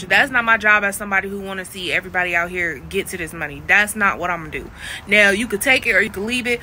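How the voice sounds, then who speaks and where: A woman's voice: medium pitch, quick pace, sharp tone, a little hiss or hum. A woman giving a casual, frank voice lesson to camera as a coach, chatty and laughing at her own jokes. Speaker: voice coach for phone work.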